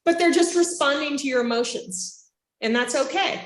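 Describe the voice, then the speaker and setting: A woman instructor giving a casual classroom lecture, lively and chatty, acting out reactions with gasps and little voices. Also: high-pitched, moderate pace. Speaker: child development instructor. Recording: roomy classroom echo.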